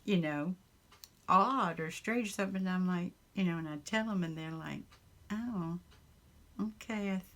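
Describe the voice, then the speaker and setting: A woman with a Southern US accent chatting casually while she crafts in her home craft room. She rambles, chuckles often and fills her pauses with ums. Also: lowish voice, fairly bright tone. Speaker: craft vlogger.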